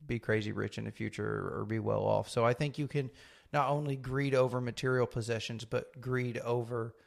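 Gravelly-voiced man musing on faith. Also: medium pitch. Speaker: co-host. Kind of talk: casual faith podcast chat.

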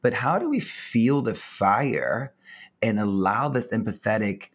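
A man hosts a spiritual podcast in an effusive, heartfelt way. His voice sits somewhat low, and he often stumbles and restarts his sentences. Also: expressive, breathy edge. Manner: effusive, earnest, halting with restarts. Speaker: podcast host. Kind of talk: warm spiritual podcast chat.

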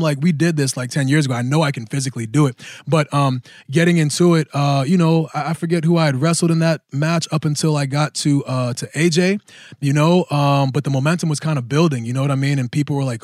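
A man in his thirties, co-hosting a podcast, telling a story in a casual, animated way and acting out the voices of people he quotes. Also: fairly high pitch, no echo, studio quality. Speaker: podcast host.

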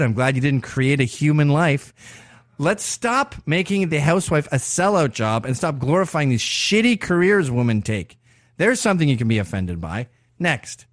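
A man's voice: a little high, no echo, studio quality. Sarcastic, profane man ranting on a podcast. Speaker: podcast host. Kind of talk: opinion monologue.

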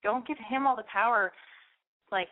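A woman's voice: on the high side, normal speed. A woman hosting an advice show, giving a caller frank, blunt advice and acting out sample lines. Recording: phone-like radio audio.

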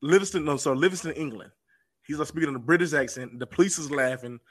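A man telling a story as a podcast guest, animated, and repeating phrases for emphasis. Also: fairly high pitch, fast. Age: adult with children. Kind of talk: casual storytelling.

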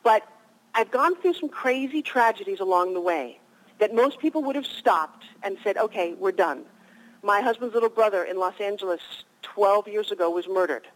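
A woman's voice: mid-range voice, expressive, moderate pace, rough recording. A woman in her fifties, a guest on a radio interview, telling stories with energy and animation.

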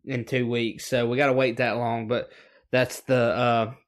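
A man's voice: mid-range voice, flat delivery, a little slow. A man co-hosting a podcast in casual, rambling chat with many fillers. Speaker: podcast co-host.

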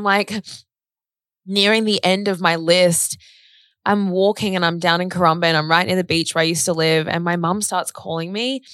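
A woman's voice: on the low side, fairly bright tone, no room sound, clean studio sound. Australian woman telling a personal story. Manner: chatty, fillers of "like", acts out quoted speech.

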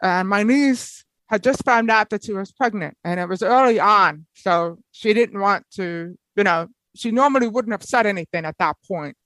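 Woman guest, lively storyteller, mid-pitched, dry close sound. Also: moderate pace, hardly any pauses, dry recording, poor audio. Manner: animated, lively storyteller, laughs often. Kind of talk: personal storytelling in conversation.

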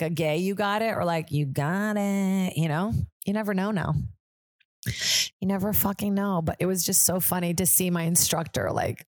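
A woman's voice: fairly low pitch, no echo. A young woman comedian hosting her podcast, chatting in a rambling, self-deprecating way. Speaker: podcast host, stand-up comedian. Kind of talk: casual chat.

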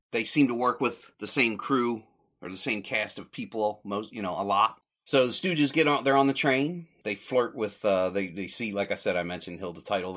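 A man's voice: fairly low pitch, a bit bright. A man hosting a podcast, casually recapping in a rambling, self-correcting way and chuckling along. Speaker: podcast host.

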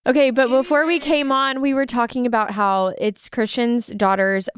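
Young woman podcast host, smooth clear voice a bit high, dry close mic, acts out her story. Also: normal speed, no echo. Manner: animated storyteller, acts out scenes. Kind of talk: casual chat.

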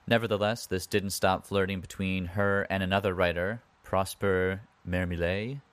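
Low-voiced man telling history casually. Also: fairly even intonation, normal speed, a bit bright, smooth, dry recording. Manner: conversational, with asides and wry comments. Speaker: podcast host.

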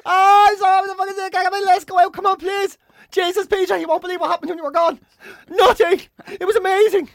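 A man's voice: extremely high pitch, level tone, a little fast, gravelly, no echo, pitched above the performer's own voice. A man voicing an overexcited, adoring pet dog in a squealing, breathless gush. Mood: ecstatic.

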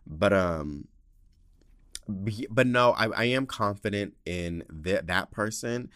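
A sassy man holds forth alone on his podcast, cursing freely and letting his voice leap up and drop low. His usual voice sits fairly low. The sound is dry and close, with no room around it. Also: slow pace, smooth, no echo. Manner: sassy, profane storytelling with swings in pitch and loudness. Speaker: podcast host. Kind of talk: casual monologue.

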